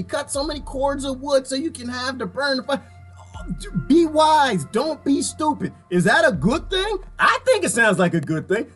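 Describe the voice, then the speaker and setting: In casual reaction commentary, a man with a very high-pitched voice gets animated and preachy, firing off the same rhetorical questions over and over.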